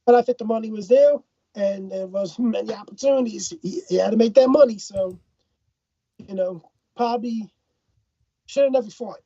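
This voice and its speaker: A woman's voice: medium pitch, moderate pace, pauses often, warm tone, no echo, muffled recording. A woman from Ireland co-hosting a casual boxing talk show, opinionated and given to repeating words while she thinks.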